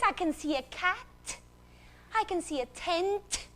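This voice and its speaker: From a stage, a woman delivers a lively phonics lesson, playful and theatrical as she walks the audience through each sound. Her high, slightly bright voice swoops up and down constantly, moving at a normal speed.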